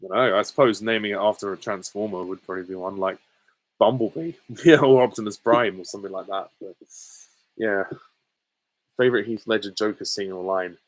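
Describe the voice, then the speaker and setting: A man's voice: lowish voice, fairly quick, poor audio. A man hosting a casual viewer Q&A, musing aloud and hesitating with frequent fillers as he weighs each question. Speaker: channel host.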